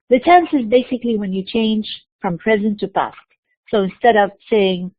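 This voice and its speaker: A woman's voice: mid-range voice, normal speed, no echo. A woman giving a university lecture, explaining step by step, asking and answering her own questions and often restarting words. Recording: dry, tinny phone-like lecture recording.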